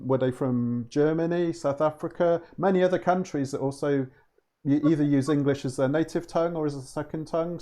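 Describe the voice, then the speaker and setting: A man's voice: a little high, dark tone. A man co-hosting a casual chat, laughing often and asking questions for the viewers. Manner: chatty, laughs often, asks on behalf of viewers. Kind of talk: casual conversation.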